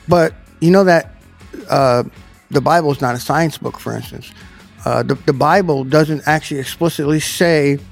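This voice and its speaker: A man's voice: on the high side, gravelly, darkish tone. A man giving informal Bible teaching in a plainspoken, conversational, emphatic way.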